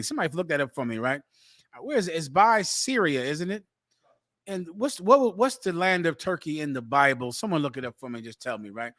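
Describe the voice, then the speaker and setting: A man with a high, bright voice lectures like a preacher, hammering his points with repetition. His voice sounds close and dry, with no room around it. He declaims more than he chats. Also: dry recording. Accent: American. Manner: forceful, declaiming, repeats phrases for emphasis. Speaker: talk show host. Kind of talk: preaching commentary on a live show.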